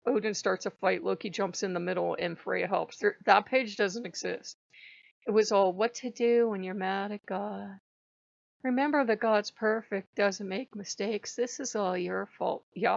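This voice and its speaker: A woman's voice: medium pitch, gravelly, no room sound, dull audio. A woman hosting a casual storytelling vlog, chatty, laughing often and acting out bits of dialogue. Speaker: channel host.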